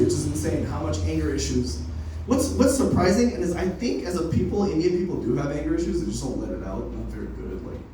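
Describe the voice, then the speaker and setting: A young comic's slightly high, warm voice fills an echoey open mic room, captured from a distance with a bit of hiss or hum. He's doing an unrehearsed stand-up set, telling stories peppered with swearing and laughter.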